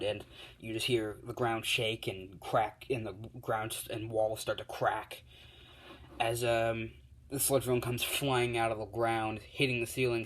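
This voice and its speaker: A man's voice: medium pitch, fairly bright tone, poor audio. Rambling man telling a story. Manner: rambling, many fillers. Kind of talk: casual improvised storytelling.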